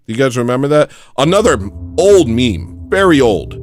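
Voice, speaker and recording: A man hosting a comedy livestream, rambling deadpan through absurd asides. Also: medium pitch, moderate pace, soft background music.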